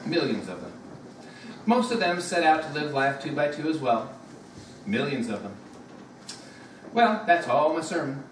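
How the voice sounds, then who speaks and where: A man's voice: fairly high pitch, sing-song, a little slow, pauses often. A man playing a plainspoken small-town stage manager who talks straight to the audience in a live stage play. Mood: musing. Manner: plainspoken, folksy, chatty asides to the audience. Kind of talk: live community stage acting. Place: theater stage. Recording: echoey theater from far off, noisy.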